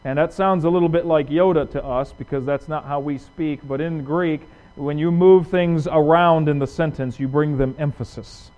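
A male pastor preaching a sermon, asking rhetorical questions and swinging from loud emphasis to hushed lines. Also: fairly high pitch, steady tone, moderate pace, few pauses. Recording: dull lo-fi recording.

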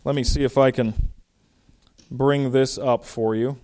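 A man teaching through a Bible passage verse by verse in a conversational, animated way, with frequent fillers and restarts. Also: mid-range voice, a little slow. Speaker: pastor.

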